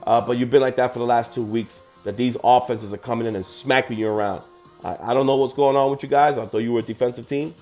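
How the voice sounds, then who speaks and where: A man's voice: mid-range voice, fairly even intonation, fast, darkish tone, faint music behind. A man hosting a sports podcast, ranting heatedly and profanely about football results.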